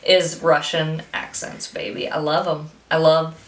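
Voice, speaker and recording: A young woman co-hosting a casual movie review podcast, telling stories in a profane, animated way. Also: low-pitched, measured pace, reverberant. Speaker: podcast co-host.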